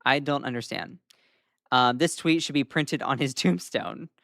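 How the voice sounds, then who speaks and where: A man's voice: mid-range voice, unhurried, gravelly, a bit bright, no echo, studio quality. A man with a Southern US accent hosting a casual livestream news commentary, talking in a loose way full of "um" fillers and wry asides. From Southern United States. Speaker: host.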